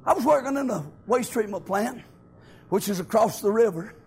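Shouting preacher man, very high. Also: expressive, moderate pace, breathy edge. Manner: chanted, shouted preaching cadence with rising pitch. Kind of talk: preaching sermon with personal testimony.

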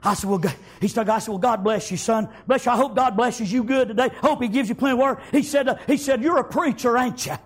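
A man delivers a testimony sermon full of fervent, folksy storytelling, his very high, husky-edged voice moving fast with few pauses. Nearly every thought ends with "amen," and he swells into shouted praise.

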